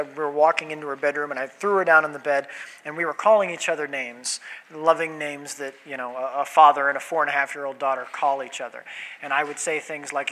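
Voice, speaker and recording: A man in his thirties, a pastor preaching a sermon and telling a family story in a lively, storytelling way. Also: on the high side, rough recording. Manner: storytelling, animated, laughs while telling.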